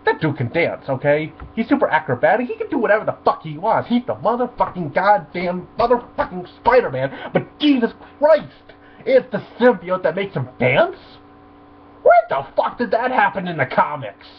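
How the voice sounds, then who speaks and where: A man's voice: high-pitched, big pitch swings, moderate pace. A man ranting animatedly and profanely through a review of a superhero film. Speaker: movie reviewer. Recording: tinny phone-like audio with faint mains hum.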